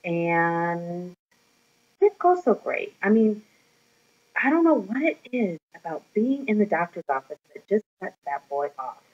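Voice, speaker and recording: A woman's voice: medium pitch, very animated, unhurried. A mother talking to her camera in a casual vlog, telling a candid, rambling story with plenty of fillers. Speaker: mother vlogging about her son. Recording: slightly dull lo-fi recording.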